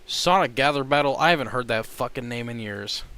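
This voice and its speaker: A man's voice: mid-range voice, fairly quick, sharp tone, clean tone. A man chatting casually on a live stream, rambling between topics with frequent swearing and laughter.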